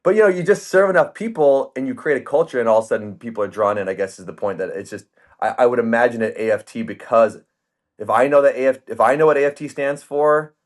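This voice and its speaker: A man hosting a podcast in casual chat, telling stories in an animated way and acting out the voices of the people he quotes. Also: mid-range voice, fast talker. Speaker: podcast host. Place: podcast studio.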